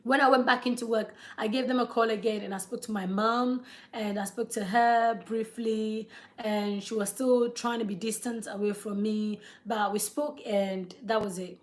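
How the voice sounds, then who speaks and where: A woman's voice: on the high side, fairly even intonation, moderate pace, hardly any pauses. A woman in her thirties telling a heartfelt personal story on a live vlog, repeating words for emphasis and checking in with her listeners. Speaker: vlogger.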